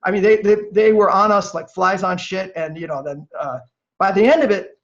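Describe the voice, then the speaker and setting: A man guest on a podcast, telling animated stories in a chatty way, full of fillers and restarts. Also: high-pitched, normal speed. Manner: lively, acts out quoted voices. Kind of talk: animated storytelling. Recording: dull lo-fi audio.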